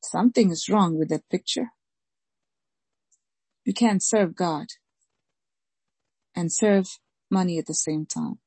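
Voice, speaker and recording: A woman pastor preaching a sermon slowly and emphatically, repeating key phrases and reading scripture aloud. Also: on the low side, dark tone, slightly rough, no echo, low-quality recording. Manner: slow, emphatic preaching with deliberate repetition.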